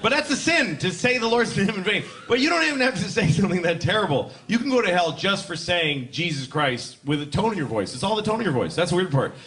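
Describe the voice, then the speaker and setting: Bright, animated stand-up comedian, man. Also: high voice, quick pace, hardly any pauses. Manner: acts out characters with sudden shouted bursts. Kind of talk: stand-up routine. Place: comedy club stage before a laughing audience. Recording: live club recording with crowd laughter.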